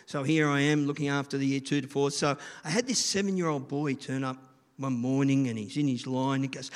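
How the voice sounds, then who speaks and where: A man's voice: mid-range voice, steady tone, a little fast. A middle-aged man, giving a rambling, chatty sermon and often asking the listeners questions. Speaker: children's church leader. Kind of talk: informal sermon. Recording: long reverb of a large room.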